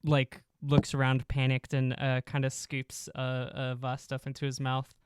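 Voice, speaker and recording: Smooth clear voice, dry close mic, game master narrating, rambling, lots of uhs. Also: mid-range voice, completely flat delivery, unhurried, no room sound. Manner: rambling with many fillers and frequent laughs.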